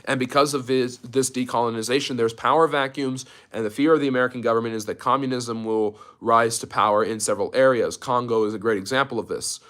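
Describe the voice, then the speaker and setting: A man's voice: medium pitch, fairly even intonation, fast talker, few pauses, a bit bright. A man giving a loose, unscripted history lecture on a livestream, full of fillers and restarts, stopping now and then to answer viewer chat. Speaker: history teacher.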